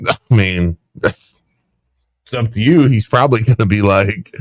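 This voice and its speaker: A man's voice: on the low side, dry recording. A man co-hosting a podcast in casual chat, teasing a friend and acting out other people's lines. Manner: teasing, acts out other people in quick voices. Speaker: podcast co-host.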